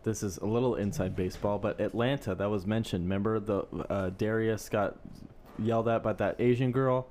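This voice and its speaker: A man's voice: fairly low pitch, fairly even intonation, fairly quick, darkish tone, a little hiss or hum. A man co-hosting a podcast in casual, crude chat, rambling and swearing often, with frequent laughs. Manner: rambling, profane, laughs a lot. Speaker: podcast co-host.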